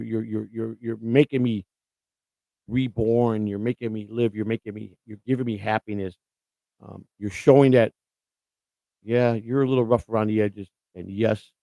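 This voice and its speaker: A man's voice: mid-range voice, darkish tone, no echo. A man hosting a live stream in casual chat, overjoyed and near tears, talking emotionally with lots of stammering and repeated words.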